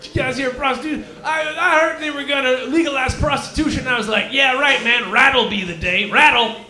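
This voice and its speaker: A man putting on a crude, permanently stoned Texan cobra who drawls and rambles through a live stand-up bit. The voice sits very high and sounds bright and sharp. It rings around a roomy club room. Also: a little fast, full character voice. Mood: stoned rowdy. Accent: Texan, put on. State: claims to be high, cotton mouth. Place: comedy lounge stage, live.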